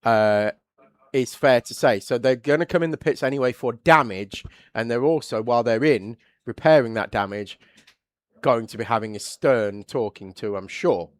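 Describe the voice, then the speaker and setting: A man with an English accent doing live motorsport commentary, chatty and quick to react loudly when something happens on track. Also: mid-range voice, no room sound. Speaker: race commentator.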